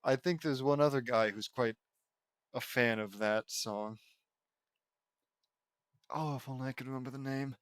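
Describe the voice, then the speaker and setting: A man's voice: medium pitch, expressive, normal speed, pauses often, a bit bright, no echo, studio quality. A man casually reading his own fan fiction aloud, with self-deprecating asides and frequent self-corrections. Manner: self-deprecating, chatty, stumbles and corrects himself.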